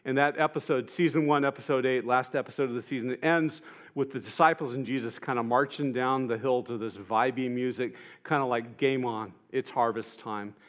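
A man preaching a sermon in an earnest way, rising to emphatic peaks and dropping soft and tender at moments. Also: mid-range voice, steady tone, brisk. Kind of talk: sermon retelling gospel scenes.

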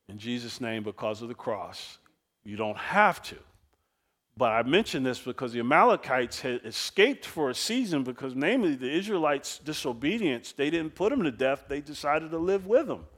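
A man preaching a sermon, telling the story in a lively, conversational way and acting out the quoted speakers. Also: mid-range voice. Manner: animated storytelling preacher, acts out quoted voices; casual, chuckles often. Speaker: pastor.

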